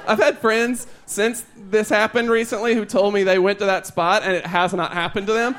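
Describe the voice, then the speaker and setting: A man's voice: high-pitched, fairly even intonation, moderate pace, hardly any pauses, a bit bright, a little hiss or hum. A man doing a chatty, rambling stand-up comedy set at a live show, laughing at his own jokes.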